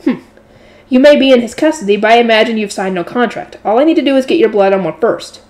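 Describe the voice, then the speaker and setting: A woman's voice: on the high side, fast talker, a little mellow, natural voice. Scheming sneery noble guy that a woman reads out, looks down on everyone. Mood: sneering. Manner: sneering, contemptuous. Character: greedy scheming fat noble count, a man.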